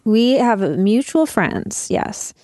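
A woman's voice: a little high, animated, slow, mellow, slight background noise. A woman co-hosting a podcast, chatting with jokes and rambling asides into a desk mic. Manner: joking, rambling. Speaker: podcast co-host. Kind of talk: casual podcast chat.

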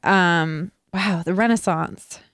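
A woman's voice: lowish voice, takes it slowly, fairly bright tone, no room sound, studio quality. A woman hosting a casual comedy podcast, telling stories in a playful, giggly way.

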